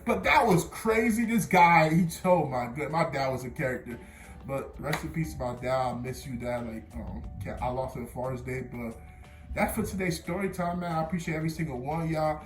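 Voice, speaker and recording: A young man telling a casual storytime, animated and stammering, with sudden loud bursts as he recounts. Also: fairly high pitch, normal speed. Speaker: vlogger. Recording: roomy echo with faint music.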